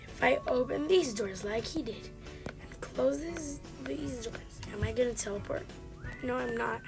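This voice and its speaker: A woman hosting live gameplay commentary, chatty and excitable, teasing the game characters, with game music behind her. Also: sits high, a little slow, gravelly. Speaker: gaming channel host.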